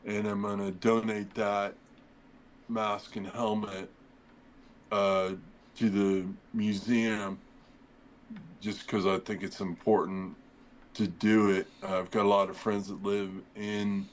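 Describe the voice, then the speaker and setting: A man's voice: fairly low pitch, little pitch movement, slow pace, long pauses, a little hiss or hum, poor audio. A middle-aged man, a former firefighter and podcast guest, telling a long story in a casual, rambling way, acting out the dialogue with plenty of fillers. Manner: rambling, acts out quoted dialogue, many fillers.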